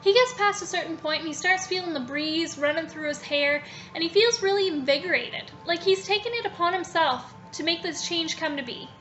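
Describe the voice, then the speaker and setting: High, bright-voiced woman vlogger. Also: fairly quick, few pauses, dull audio, faint music behind. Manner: chatty, animated retelling with many "so" links. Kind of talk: casual storytelling retelling a book.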